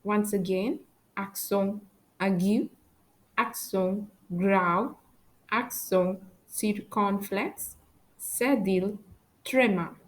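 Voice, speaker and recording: Brief: female language teacher, measured and deliberate, very slow delivery, mid-pitched voice. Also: rough recording. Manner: slow, careful letter-by-letter pronunciation. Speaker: French teacher. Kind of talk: slow spoken language lesson.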